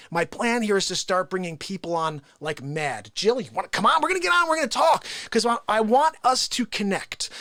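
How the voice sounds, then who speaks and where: A man hosting a live, unscripted stream from home, talking excitedly to his viewers. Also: sits high, no room sound, studio quality. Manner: animated, excitable, chatty with viewers. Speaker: live show host.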